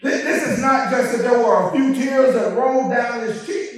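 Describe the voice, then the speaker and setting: A man preaching a call-and-response sermon, swelling from soft passages to shouts and stretching out key words. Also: extremely high pitch, normal speed, hardly any pauses. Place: church sanctuary. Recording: echoey hall, preacher far from the mic.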